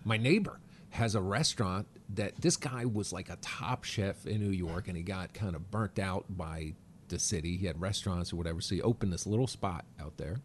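A man's voice: low voice, slight background noise. A middle-aged man chatting as a guest on a podcast. He rambles and halts, with many restarts and fillers. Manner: rambling, halting, full of restarts. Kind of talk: casual chat.

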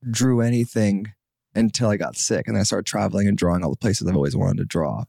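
A man's voice: on the low side, brisk, gravelly, husky, dry recording, clean studio sound. A young man in his twenties, a singer-songwriter guest on a podcast, telling his story casually with lots of fillers and acted-out quotes. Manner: animated, acts out quotes, many fillers.

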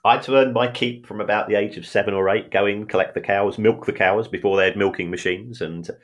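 A man with a very deep voice co-hosts a casual podcast. He talks in a measured, careful way, pausing often with fillers as he explains things. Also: fairly even intonation. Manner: measured, hesitant, many fillers. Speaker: podcast co-host, finance expert. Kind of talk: casual chat.

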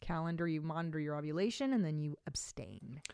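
A woman's voice: deep voice, expressive, fairly quick, mellow, clean tone, no echo, studio quality. A woman in her forties co-hosting a comedy podcast, chatting casually with blunt, profane jokes. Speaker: podcast co-host.

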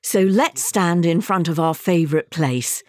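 A woman's voice: lowish voice, measured pace. A woman narrating a comedy panel show, with wry, teasing comments between segments. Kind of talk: scripted narration.

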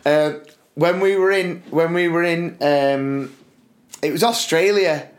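A British man co-hosting a casual podcast, a teacher telling school stories with animated delivery and acted-out voices. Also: a little high, slow pace. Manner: animated storytelling, acts out voices. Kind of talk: casual chat.

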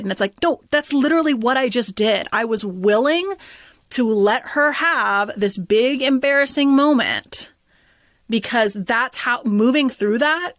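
A woman's voice: on the high side, lively intonation, a little slow, a bit bright, no room sound. Woman podcast host, chatty and loose, dry close recording. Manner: chatty, peppered with "like". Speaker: parent. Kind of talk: casual podcast chat.

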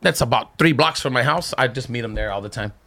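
A middle-aged man telling animated, slangy stories as a podcast guest, acting out the people in them. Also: mid-range voice, quick pace, gravelly. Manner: animated, slangy storytelling full of quoted voices. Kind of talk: casual storytelling.

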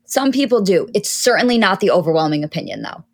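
Female co-host, lowish pitch, thoughtful casual talker. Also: sing-song, fast talker, creaky. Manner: thoughtful, talks through opinions at length. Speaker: podcast co-host. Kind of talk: casual chat.

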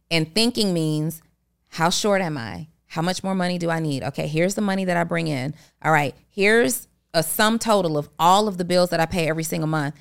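A woman's voice: mid-range voice, fairly bright tone, clear, resonant tone. A woman co-hosting a podcast, talking in an earnest coaching way and working through examples step by step. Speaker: podcast co-host. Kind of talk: motivational podcast talk.

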